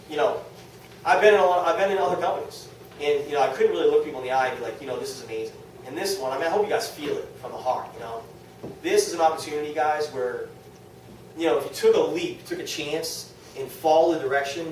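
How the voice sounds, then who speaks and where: Before a small group in a meeting room, a man rushes enthusiastically through his business story, a motivational testimonial, acting out what others said in lively asides. His voice is slightly high. A distant mic picks him up across a very echoey room, with faint background noise.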